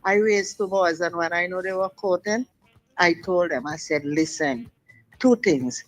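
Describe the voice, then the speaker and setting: Old lady on the phone line, low voice, lays down the law with dialect grammar. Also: steady tone, moderate pace. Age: older. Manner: forceful, preachy advice with local dialect grammar. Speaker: caller. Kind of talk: call-in radio talk.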